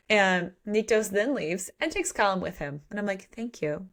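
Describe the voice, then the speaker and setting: A woman's voice: lowish voice, fairly quick. A woman co-hosting a book podcast, retelling the plot in casual chat and acting out the characters' lines. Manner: animated retelling with acted-out quotes and swearing. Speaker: podcast co-host.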